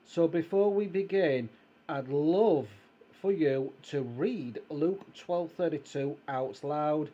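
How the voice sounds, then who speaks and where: A middle-aged man slowly and gently reading aloud from a Christian devotional, quoting scripture. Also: on the high side, muffled recording. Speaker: reader of a devotional book.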